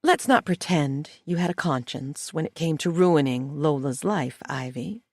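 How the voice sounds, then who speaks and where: Woman doing a cool condescending schemer lady, calm and slow, dry audiobook sound. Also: sits low, no room sound, heavily acted. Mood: smug, calm. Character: smug, cold woman who framed another.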